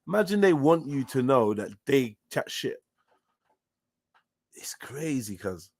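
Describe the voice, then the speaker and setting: A man from South London with a London accent, hosting a live podcast and reacting to a played clip in an animated, slangy, incredulous way. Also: mid-range voice, slow pace, dry recording. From South London, England. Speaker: podcast host.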